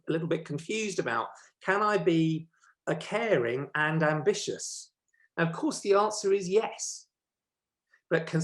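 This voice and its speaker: A man giving a conversational workshop talk, often correcting himself and checking in with his listeners. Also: mid-range voice. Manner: chatty, checks in with listeners with "okay?"; self-correcting, with frequent ums. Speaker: workshop presenter.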